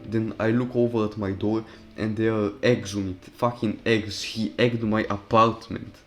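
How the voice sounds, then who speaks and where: A man's voice: lowish voice, little pitch movement, normal speed, faint music behind. A young man casually telling a personal story over gameplay, profane and rambling, with loose restarts. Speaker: storytime commentary YouTuber.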